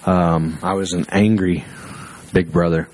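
A man's voice: low-pitched, flat delivery, measured pace, darkish tone, rough recording. A male pastor preaching a sermon through personal stories, conversational and self-deprecating, with fillers and restarts.

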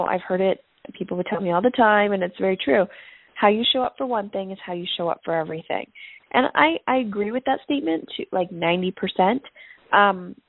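A woman's voice: mid-range voice, no room sound. A woman coaching parents talks through ideas in an earnest, reflective way. Her voice comes over a tinny phone-like line. The sound is close and dry. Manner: earnest, reflective, uses personal examples. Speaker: parenting coach and podcaster, guest. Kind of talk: conversational interview answers.

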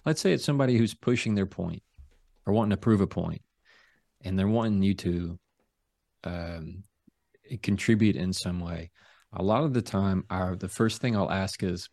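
A man with a deep voice, a trial lawyer speaking as a guest over a video call, talking slowly, calmly and deliberately. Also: creaky, no room sound, clean studio sound. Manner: slow, calm, deliberate delivery. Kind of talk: casual interview talk.

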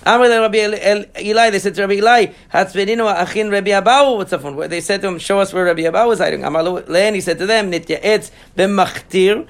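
High-voiced man explaining Talmud. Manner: reads Aramaic aloud then translates and explains; halting, with many fillers and restarts. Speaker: Talmud teacher. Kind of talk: casual study session.

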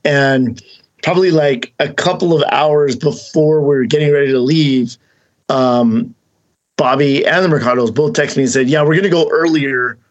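A man hosting a podcast, telling a long story in casual chat, rambling and animated, acting out the voices of the people he quotes. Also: mid-range voice, normal speed, highs cut off. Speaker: podcast host.

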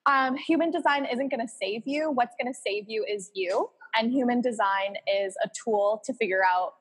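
A woman's voice: a little high, normal speed, breathy edge, long reverb tail. A woman guest on a podcast in a casual chat, earnestly encouraging and then bantering playfully.

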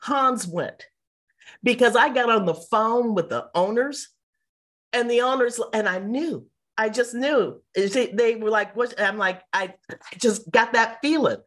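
A middle-aged woman, an interview guest, telling personal stories in a lively, casual way and acting out what people said. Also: fairly high pitch, unhurried. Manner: animated, mimics people in quotes.

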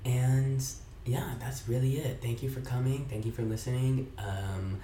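A young man hosting a podcast, chatting casually and telling stories in a relaxed, profane way. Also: medium pitch, a little slow, echoey room, slight background noise. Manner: relaxed, profane, lively storyteller. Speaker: podcast host. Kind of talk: casual chat.

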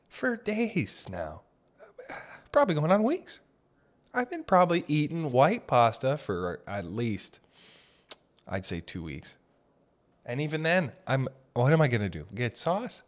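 A young man hosting a podcast delivers a meandering, self-deprecating comedic monologue, swearing casually and breaking into loud mock shouts. His mid-range voice is very animated, but he talks slowly and pauses often.

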